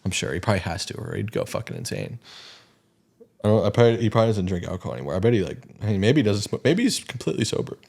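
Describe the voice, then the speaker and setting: A podcast co-host talks in a loose, casual way. His voice sits very low and has a gravelly fry to it. He gets animated retelling movie scenes and acts out the lines. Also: rapid-fire. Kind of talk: casual chat.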